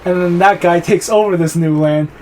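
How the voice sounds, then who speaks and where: A young man with a high voice rambles through a profane retelling while co-hosting a gaming session. His throat sounds sore, and a faint hiss sits under the recording. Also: moderate pace, darkish tone, rough recording. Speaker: co-host of a gaming channel. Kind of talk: casual chat while gaming.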